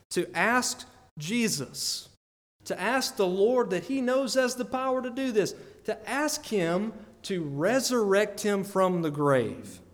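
A man's voice: high-pitched, expressive, takes it slowly. A man preaching a sermon, earnest and conversational, often checking in with his listeners with "right?". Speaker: pastor. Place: church sanctuary. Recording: long church reverb.

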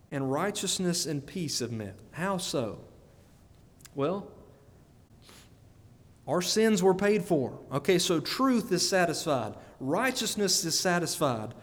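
Male preacher with a higher voice, earnest and questioning, long reverb tail. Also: animated, a little slow. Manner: earnest, repeats words, asks the listeners questions. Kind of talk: sermon.

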